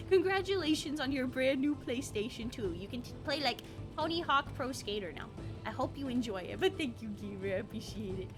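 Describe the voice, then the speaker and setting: A woman streaming a game, chatting casually, expressive and swearing freely. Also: fairly high pitch, moderate pace. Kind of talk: casual gameplay commentary. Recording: music behind the voice.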